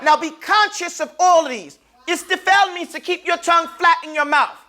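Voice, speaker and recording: High-voiced man teaching pronunciation to a class. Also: moderate pace. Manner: calls on the class to repeat sounds after him; demonstrates sounds, sometimes loudly. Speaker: Arabic teacher. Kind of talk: classroom lesson on letter pronunciation.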